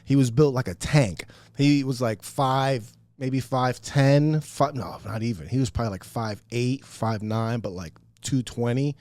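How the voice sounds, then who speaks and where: A man casually telling a story on a podcast, animated and profane, acting out what people said. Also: medium pitch, a little slow, hardly any pauses, dry recording. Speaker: podcast guest.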